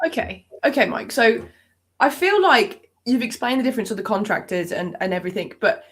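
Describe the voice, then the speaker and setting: A woman's voice: medium pitch, big pitch swings, a bit bright. A woman hosting an interview who moves the talk along and reads out audience questions. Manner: brisk, steers the conversation. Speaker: host. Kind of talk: interview chat.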